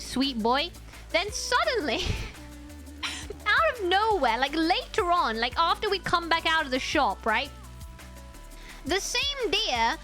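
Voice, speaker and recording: A woman chatting to her stream audience in a high, lively voice, bright and a little sharp in tone. She tells stories animatedly, giggling often and tripping over her own restarts. Soft music plays faintly behind her. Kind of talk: casual storytelling to chat.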